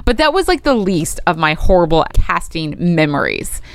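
A woman co-hosting a podcast, telling a story in a lively way and acting out the people she quotes. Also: on the low side, normal speed, no room sound. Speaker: podcast co-host. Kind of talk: casual chat.

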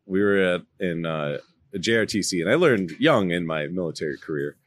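A man's voice: deep voice, expressive, brisk. A man, a podcast co-host, telling a casual, swearing story to friends in a laid-back way.

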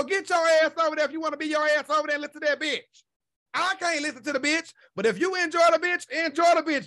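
A man's voice: very high voice, fast talker, bright, forceful tone. A man hosting a podcast, ranting in casual chat, blunt and heavy on profanity. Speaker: podcast host.

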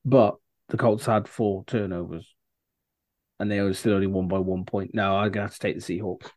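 A man's voice: fairly low pitch, fairly even intonation, moderate pace, a little mellow, no room sound, studio quality. A man co-hosting a sports podcast, hesitant and thinking aloud with many fillers. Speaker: podcast co-host. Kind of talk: casual sports chat.

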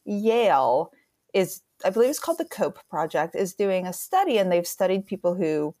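A woman hosting a podcast who asks careful, gentle questions and adds short narrated notes in a measured way. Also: lowish voice, big pitch swings. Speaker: podcast host. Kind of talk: interview questions and recorded narration.

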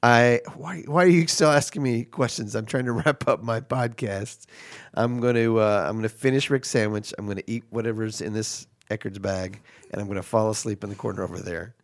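A man's voice: lowish voice, a little fast, hardly any pauses, no echo. A man hosts an improvised comedy podcast, flustered and rambling. He laughs through his lines and trails off into asides. The sound is dry and close. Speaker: podcast host.

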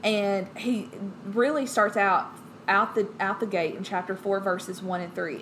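A woman's voice: medium pitch, steady tone, unhurried, a bit bright, a little hiss or hum, poor audio. Bubbly woman co-hosting a Bible chat. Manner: bubbly, joking, laughs often. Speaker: podcast co-host. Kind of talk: casual Bible-study chat.

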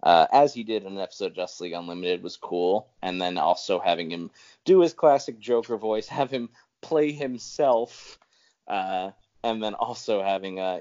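A man co-hosting a casual podcast in a lowish voice. He rambles, restarts his phrases and chuckles now and then. The audio is dull and lo-fi. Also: darkish tone. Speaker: podcast co-host. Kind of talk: casual chat.

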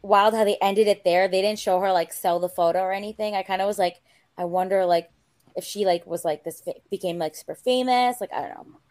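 A woman's voice: medium pitch, a little fast, a little mellow. A woman co-hosting a podcast in casual chat, rambling and using many fillers. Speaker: podcast co-host.

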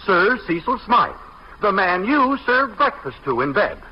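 A wisecracking, exasperated husband. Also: male voice, sits high, big pitch swings, measured pace. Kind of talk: 1940s radio acting. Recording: muffled old radio recording with hiss.

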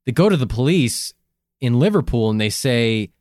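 A male podcast co-host talking casually, rambling and swearing as he works through his point. His pitch swings widely, giving the talk a lively bounce. The recording is dry and close. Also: moderate pace, no room sound. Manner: rambling, profane and animated. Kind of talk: casual chat.

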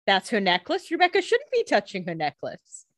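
A woman's voice: medium pitch, huge pitch swings, moderate pace, a bit bright, no echo. Woman co-host, sarcastic jokes, bouncy voice, dry close sound. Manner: joking, sarcastic asides, laughs often. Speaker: podcast co-host. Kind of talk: casual chat.

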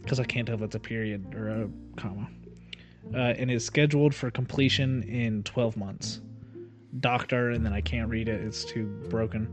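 Casual man reading old documents aloud. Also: medium pitch. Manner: reads aloud haltingly with filler asides. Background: music.

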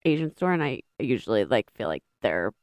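A woman's voice: extremely low pitch, very animated, a little fast, darkish tone, no room sound. A woman co-hosting a podcast, chatting casually with lots of fillers and trailing sentences. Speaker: podcast co-host. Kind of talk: casual chat.

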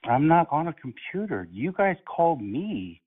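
A man on a prank phone call, calm and mocking, playing innocent. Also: on the high side, normal speed, husky. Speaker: prank caller. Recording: phone line.

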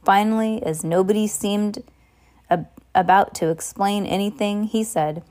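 A woman's voice: mid-range voice, normal speed, a little mellow. A woman reading a novel aloud in an unpolished way, with slips and asides to a listener. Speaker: reader.

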